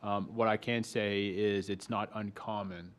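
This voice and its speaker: A man on a town's planning staff, explaining zoning rules at a public meeting in a measured way with frequent restarts. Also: lowish voice, flat delivery. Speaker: town planning staff member. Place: town hall meeting room.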